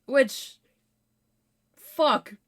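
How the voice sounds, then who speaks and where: A woman on a podcast, chatting casually and relaxed, with some swearing. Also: drawn-out words. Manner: relaxed, swears, laughs easily. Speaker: podcast guest. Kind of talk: casual recap chat.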